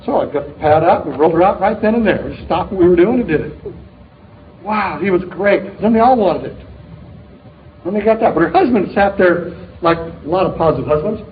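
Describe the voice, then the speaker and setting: A man's voice: high-pitched, animated, a little fast, echoey room, a little hiss or hum. Tinny-sounding upbeat middle-aged man. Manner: upbeat storytelling, joking, punchy. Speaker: sales leader speaking at a distributor meeting. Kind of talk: motivational talk to a live audience. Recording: tinny, narrow-band recording of a live talk.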